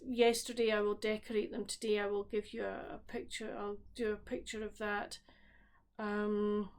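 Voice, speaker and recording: A woman with a Scottish accent chatting casually about her week as a book vlogger, rambling and often breaking off to restart her sentences. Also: mid-range voice. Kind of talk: casual chat. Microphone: solo camera recording at home.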